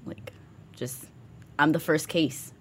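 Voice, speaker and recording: Low-voiced woman in casual chat. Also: steady tone, a bit bright, slight background noise. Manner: laughs a lot, quick reactions, tells stories.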